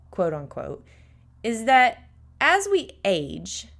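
A woman hosts a talk show in a casual, animated monologue. Her voice sits at a middle pitch and she tells stories with lively energy. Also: slow. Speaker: radio show host.

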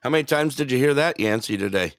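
A man's voice: medium pitch, expressive, fast. A man hosting a casual talk show, upbeat, greeting callers and laughing often. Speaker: host. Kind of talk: casual talk radio chat.

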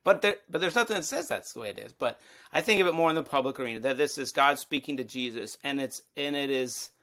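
A man's voice: medium pitch, animated, fast, a bit bright. A man taking part in a Bible study discussion, thinking aloud with frequent restarts and hedges as he works through his view. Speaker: study participant.

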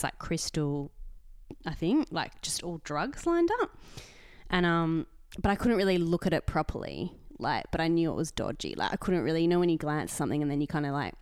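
A young Australian woman co-hosting a podcast tells a story in casual chat, animatedly acting out the voices of the people in it. Her voice is deep and smooth, captured in a dry, clean studio recording.

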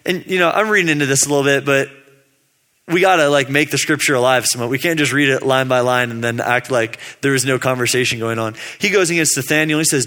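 A man's voice: medium pitch, quick pace, bright, forceful tone. A man preaching a casual sermon in a laid-back, slangy way, acting out the people in his story. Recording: long hall reverb.

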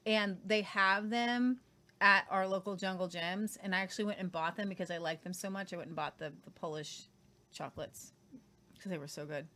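Woman rambling about snacks to viewers, lots of um and like, average pitch. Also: fairly even intonation, fairly quick, pushed and bright. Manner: rambling, many fillers and restarts. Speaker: co-host. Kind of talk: casual chat with viewers.

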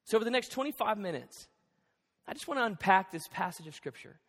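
A man preaching a sermon as pastor, animated and jokey, acting out the lines of the people in his stories. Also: high-pitched, fast. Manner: animated, jokey, acts out quotes. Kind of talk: sermon with storytelling. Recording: reverberant hall.

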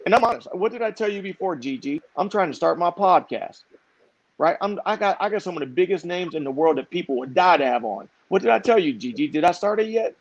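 A middle-aged man telling a story in lively conversation, acting out the voices of the people in it. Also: high-pitched, a little fast, dry recording. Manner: animated, acts out quoted voices. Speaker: podcast guest. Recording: dull, dry, lo-fi sound.

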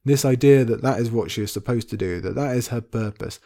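A man's voice: mid-range voice, brisk, dark tone. A man hosting a podcast and discussing a book, earnest and impassioned, close to tears. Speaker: podcast host.

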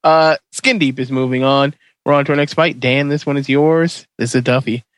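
A man hosting a casual movie podcast, excitable and profane, tripping over his words as he calls the votes. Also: medium pitch, fairly quick, no echo. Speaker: podcast host running a movie bracket. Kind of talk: casual chat.

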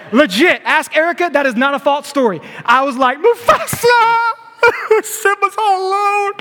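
High-voiced preacher in an echoing hall. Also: male voice. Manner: animated, playful, acts out scenes. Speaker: youth pastor. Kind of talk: sermon. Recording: long hall reverb.

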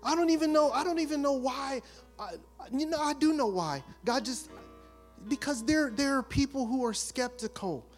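A man giving a fervent testimony sermon, acting out the people in his story and rising to loud, forceful bursts. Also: very high voice, normal speed, faint music behind. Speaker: preacher.

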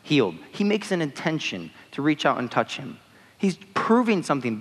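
A young adult man preaches a casual, chatty sermon in a husky, somewhat high voice that is very animated, at a moderate pace. He fills his talk with "like" and "you know," and a long hall reverb surrounds him.

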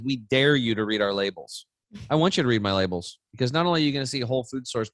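A man in his forties, a podcast guest, chatting casually and telling stories with lively acted-out voices. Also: mid-range voice, no room sound. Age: 40s. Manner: animated storytelling, acting out voices. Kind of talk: casual chat.

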